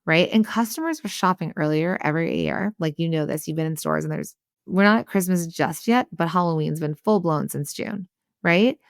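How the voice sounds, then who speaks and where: A woman's voice: low voice, moderate pace, gravelly, dry recording, studio quality. A woman hosting a solo business podcast, coaching small sellers in a chatty way, with lots of "like" and "right?" and little acted-out customer voices. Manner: acts out customer and waiter voices.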